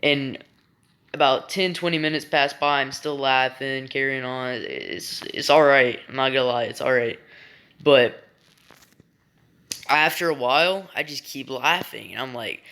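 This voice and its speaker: Young man, casual storytime, slow pace, smooth voice, profane, rambling. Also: medium pitch, pushed and bright. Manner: rambling, profane, full of fillers and restarts. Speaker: vlogger.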